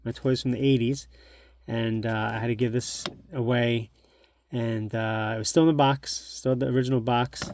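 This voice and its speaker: A man's voice: mid-range voice, fairly even intonation, moderate pace, darkish tone. A middle-aged man hosting a collectibles channel, chatting casually and nostalgically as he shows an old magazine at home. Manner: chatty, nostalgic, thinks aloud. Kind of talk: casual show-and-tell narration.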